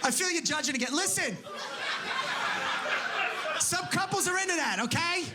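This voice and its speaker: A man's voice: very high-pitched, animated, normal speed. Brash, profane stand-up comic man. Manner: brash, profane storytelling with acted-out voices. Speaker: stand-up comedian. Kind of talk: stand-up routine. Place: comedy club stage with laughing audience. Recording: live club recording with audience noise.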